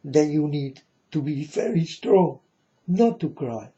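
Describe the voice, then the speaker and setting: A man's voice: on the high side, animated, takes it slowly, warm tone, lo-fi sound. Earnest man warning his folks. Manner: repetitive, earnest, addresses listeners as folks. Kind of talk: rambling spoken warning to viewers.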